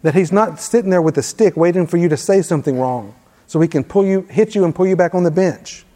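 A man with a high, mellow voice preaching a sermon in a conversational way. He reads scripture aloud with emphasis, and his voice carries a long reverb from a large church hall. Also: quick pace.

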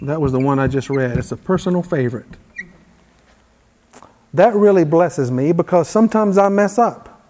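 High-voiced preacher in a reverberant hall. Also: male voice, expressive, normal speed, background noise. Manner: conversational, reads scripture aloud with emphasis. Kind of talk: sermon.

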